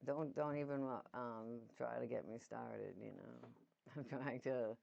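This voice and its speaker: Gravelly woman, laid-back chatter. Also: a bass voice, fairly even intonation, measured pace, a little mellow, slight background noise. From Massachusetts. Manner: laughs often, loose and rambling. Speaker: podcast co-host. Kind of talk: casual chat. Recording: dull lo-fi sound.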